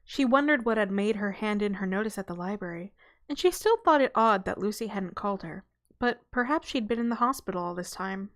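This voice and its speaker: A woman hosting her channel, reading a children's novel aloud in a relaxed, casual way with small stumbles and self-corrections. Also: mid-range voice, brisk. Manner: breaks off for a light aside and a laugh.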